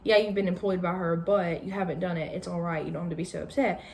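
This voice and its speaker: A woman's voice: lowish voice, steady tone, fast, darkish tone, a little hiss or hum, lightly acted. A woman voicing an earnest, truthful young girl who talks eagerly and insistently. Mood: reassuring.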